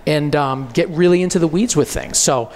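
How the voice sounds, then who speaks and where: Earnest guy who directs commercials and podcasts, kinda higher voice, repeats himself a bit. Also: normal speed, darkish tone. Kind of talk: casual panel talk.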